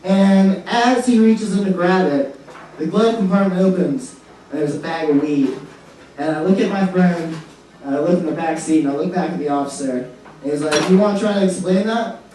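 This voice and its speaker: A man telling a story in a stand-up set, bouncing into the voices of the people he quotes. His voice is high for a man. He is heard from afar in a very echoey room, with faint noise behind. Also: moderate pace, far from the mic. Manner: animated, acts out quotes. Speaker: stand-up comic.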